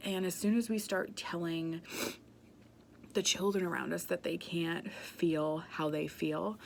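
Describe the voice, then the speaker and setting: A woman's voice: on the low side, fairly even intonation, a little slow, creaky, a little hiss or hum. A woman giving an earnest, passionate talk about emotional wellbeing, speaking conversationally with frequent "um" and "like" fillers.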